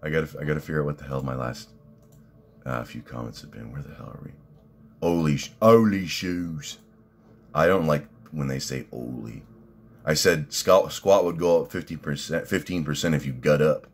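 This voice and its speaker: A man's voice: very deep voice, fairly quick, slightly rough. A man talking in a casual rambling vlog, profane and laughing at his own stories. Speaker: fitness vlogger and coach.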